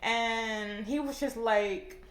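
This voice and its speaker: A young female vlogger casually tells a storytime, wandering off track, stuffing in fillers, and swearing heavily. Her voice is on the high side and steady, she stretches out her words, and the room is echoey.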